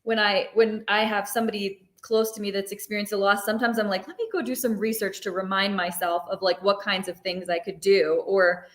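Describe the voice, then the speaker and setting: A woman's voice: mid-range voice, steady tone, fairly quick, hardly any pauses, reverberant. A woman therapist talking through ideas in a casual discussion, with many filler words. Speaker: therapist guest.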